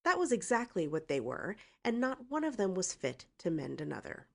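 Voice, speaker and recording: A woman reading an audiobook in an expressive narration style. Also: mid-range voice, normal speed, gravelly. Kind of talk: scripted narration.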